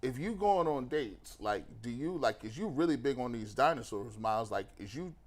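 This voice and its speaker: A man's voice: mid-range voice, animated, moderate pace. A man co-hosting a comedic sports show, teasing and laughing along.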